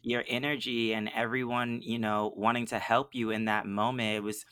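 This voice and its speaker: A man hosting an interview show, chatting with a guest in a relaxed, conversational and encouraging way. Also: medium pitch, moderate pace, clear, resonant tone, no room sound. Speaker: interview host. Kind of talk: casual interview chat.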